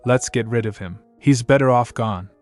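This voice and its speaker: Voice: mid-range voice, moderate pace, a little mellow, lightly acted. A man voicing a sinister, coaxing voice inside a princess's head, over faint music.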